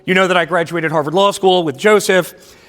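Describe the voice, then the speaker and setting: A man's voice: sits high, brisk, a bit bright. A middle-aged man giving a keynote speech in a self-deprecating storytelling way. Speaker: keynote speaker. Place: large hall at a luncheon. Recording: long hall reverb.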